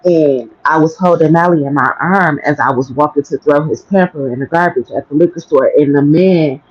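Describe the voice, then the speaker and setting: A woman's voice: low voice, moderate pace, a little mellow, slightly rough. A woman tells a story on her livestream in a blunt, profane way. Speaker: livestream host. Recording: dry, dull lo-fi stream audio.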